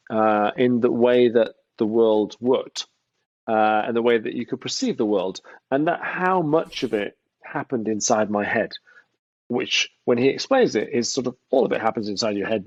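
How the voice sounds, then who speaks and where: A man's voice: mid-range voice, no room sound. A man, a guest entrepreneur, chatting casually in an interview and acting out the voices he quotes. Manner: animated storytelling, acts out quoted voices. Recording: dry, dull lo-fi sound.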